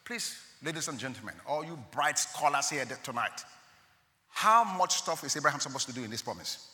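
A man delivers a sermon in a high, very bright voice. His delivery is animated, leaping between loud emphatic rises and quiet drops. The sound carries a long hall echo. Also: fairly quick. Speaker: preacher.

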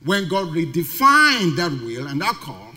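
A male pastor preaches in a church, his voice piercingly bright and pitched high. He swings widely up and down as he fires off rhetorical questions. A long reverb from the hall trails behind each phrase. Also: big pitch swings, measured pace. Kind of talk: sermon.

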